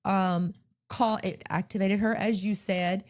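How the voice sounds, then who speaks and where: A woman co-hosting a Christian ministry show, casually chatting and retelling film scenes step by step in an animated way. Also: mid-range voice, a little slow. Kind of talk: casual film review chat.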